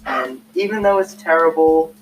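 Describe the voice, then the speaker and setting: A man's voice: fairly high pitch, normal speed, far from the mic, highs cut off, faint music behind, close to an everyday voice. A teen boy doing a clumsy British accent. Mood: playful. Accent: put-on British. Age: teens. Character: clumsy put-on British speaker.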